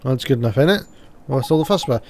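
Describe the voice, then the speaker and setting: A man's voice: mid-range voice, animated, very fast, a little mellow, a little hiss or hum, lightly acted. A man reading out the lines of a cheeky little fairy sidekick, talking in a folksy, chummy way full of tag questions. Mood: chatty.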